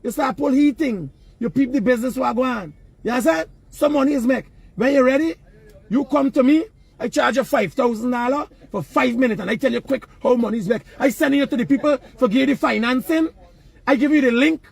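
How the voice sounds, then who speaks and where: A man's voice: very high-pitched, fairly quick, gravelly, slightly rough. A man with a Guyanese accent, talking casually and emphatically outdoors, lecturing passers-by about work and money. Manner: lecturing, emphatic, Creole-laced. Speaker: vlogger. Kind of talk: casual street vlog talk. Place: outdoors near work sites.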